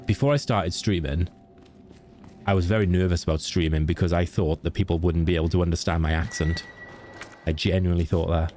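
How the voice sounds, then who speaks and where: A young Welsh man streams a game and chats casually with his viewers, answering them by name and laughing easily. His voice is deep with a darkish tone, fairly even intonation and a brisk pace, and there's a little hiss or hum.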